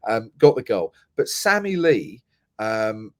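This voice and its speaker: A man's voice: fairly low pitch, sing-song, slow, no room sound. A middle-aged man from England, a motorsport commentator chatting as a guest and telling stories with many restarts. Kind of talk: casual podcast chat.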